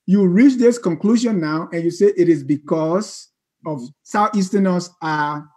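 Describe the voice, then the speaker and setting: A man hosting a debate show, pushing back in a measured, patient way, with a husky voice. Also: sits high, a little mellow. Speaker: show host. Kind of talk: moderating a heated debate.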